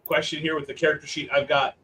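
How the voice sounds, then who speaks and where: Easygoing male player, slightly high voice. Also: level tone, fast, bright, forceful tone. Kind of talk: casual chat.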